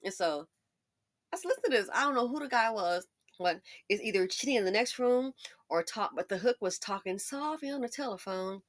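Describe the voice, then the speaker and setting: A middle-aged woman hosting commentary, sassy and folksy, telling stories with lots of laughter. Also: brisk. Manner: animated, acts out quotes in a high excited voice, laughs often. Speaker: commentary channel host. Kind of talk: casual commentary and storytelling.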